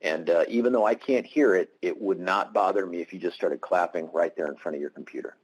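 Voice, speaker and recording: Man, very low voice, husky, webinar talk, candid, wry humor. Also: a little fast, lo-fi sound. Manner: candid, anecdotal, self-deprecating humor. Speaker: prosecutor presenting a webinar. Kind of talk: webinar presentation.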